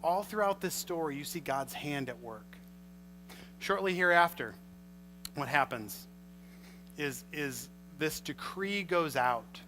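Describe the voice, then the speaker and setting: A male pastor preaching a sermon, reading scripture and retelling it with animated storytelling. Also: on the high side, slow, pauses often, slight background noise, rough recording. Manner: animated storytelling, acts out scenes.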